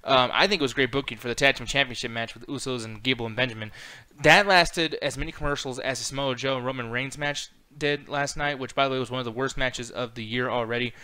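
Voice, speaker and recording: A man's voice: medium pitch, steady tone, fast talker, pushed and bright. A man co-hosting a casual review chat, ranting and swearing freely. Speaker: co-host.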